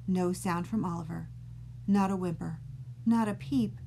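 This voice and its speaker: A woman librarian reading a silly bedtime story aloud to children, playful and expressive, stretching out her words. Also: on the low side, unhurried, a little hiss or hum.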